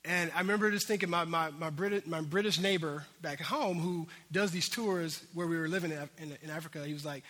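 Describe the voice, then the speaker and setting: A pastor preaches a sermon, telling a story animatedly in a voice on the high side, a little fast and with few pauses. He swings between loud bursts and hushed moments, and the hall adds reverb.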